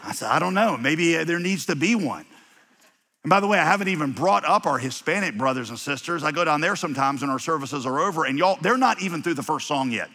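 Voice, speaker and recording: Bright-voiced pastor preaching with humor. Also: male voice, mid-range voice, expressive, quick pace, long reverb tail. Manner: humorous storytelling with many restarts. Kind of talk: sermon.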